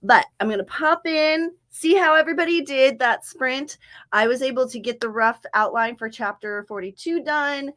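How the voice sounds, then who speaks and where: A woman's voice: sits high, normal speed, a bit bright. A young woman from Southern California hosting a writing-sprint livestream, chatting loosely with viewers, rambling and correcting herself as she goes. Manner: rambling, self-correcting, talks to chat by name. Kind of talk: casual livestream chat to viewers.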